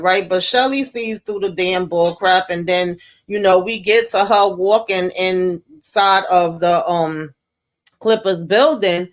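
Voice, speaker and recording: A woman casually recapping a TV episode for her channel, slangy and animated, with mild cursing. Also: on the low side, takes it slowly. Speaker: TV recap vlogger.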